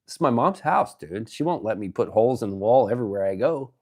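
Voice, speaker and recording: A man's voice: mid-range voice, fairly quick. Brief: male livestreamer, casual, profane joking chatter, voice swinging up and down a lot. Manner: excitable, swearing, joking banter. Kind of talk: casual livestream chat reading viewer messages.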